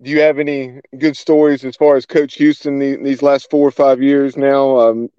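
Flat-voiced man host, dull lo-fi sound. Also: medium pitch, clean tone, no room sound. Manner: hesitant, halting with fillers. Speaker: host asking questions. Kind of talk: casual interview questions. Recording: dull lo-fi dry recording.

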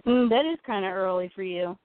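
A woman's voice: mid-range voice, brisk, a little hiss or hum. A woman co-hosting a casual chat, yawning often and apologizing for being tired. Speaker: co-host of a toy collecting show. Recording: phone-like narrow audio.

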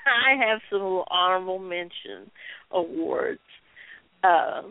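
A woman co-hosting a wrestling talk show, telling stories in an animated, chatty way with laughs and fillers. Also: on the low side, takes it slowly, dry recording. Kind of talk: casual chat. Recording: tinny phone-line sound.

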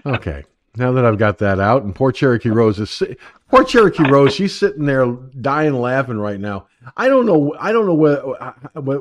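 An older man hosting an online talk radio show, joking and rambling crudely about everyday troubles. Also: medium pitch. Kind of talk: casual call-in chat.

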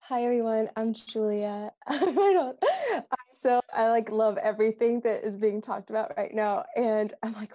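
A woman's voice: a little high, a little slow, mellow, dry recording. Gushing woman guest, muffled sound. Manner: gushing, hesitant, many fillers. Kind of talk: casual chat.

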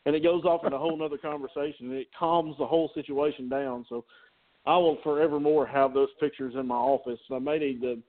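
A man's voice: on the high side, steady tone, fast talker. A man chats on a podcast in an easygoing, conversational way. His voice comes through a narrow, phone-like line. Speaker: podcast co-host. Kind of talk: casual chat. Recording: phone-like audio.

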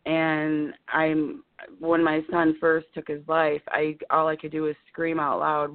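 On a tinny telephone line with a dry recording, a woman in her fifties calls in to a live show, her deep voice monotone and unhurried. She speaks in emotional, rambling bursts while holding back tears.

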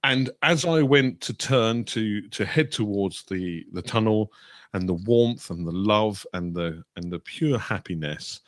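A man's voice: on the low side, measured pace, no room sound, clean studio sound. A British man, a medium and guest, telling a long personal story on a chat show with many fillers and restarts.

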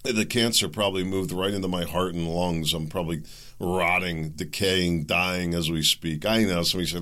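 A man's voice: deep voice, fairly even intonation, moderate pace, fairly bright tone. A man hosting a solo commentary podcast, talking in heated rants full of repeated words and self-interruptions, sometimes mocking the other side in sarcastic asides. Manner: sarcastic, mimics opponents. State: coughing. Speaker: show host.

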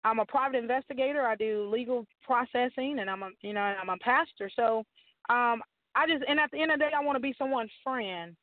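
Woman pastor preaching at ya, high voice, phone-line tinny sound. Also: brisk, no room sound. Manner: emphatic, repeats rallying phrases like a preacher. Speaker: guest author and pastor. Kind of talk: testimony and encouragement on a talk show.

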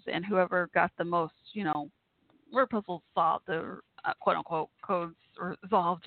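A fairly low-pitched female voice hosts a casual live call-in show, her friendly chat wandering with many fillers and restarts. The sound is thin and phone-like, dry, with no room sound.

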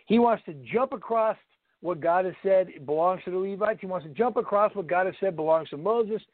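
High-voiced man teaching Bible, phone-like sound. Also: fairly quick, dry recording. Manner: emphatic, blunt and preachy. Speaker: Bible instructor. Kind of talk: Bible study lecture. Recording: tinny phone-like, dry sound.

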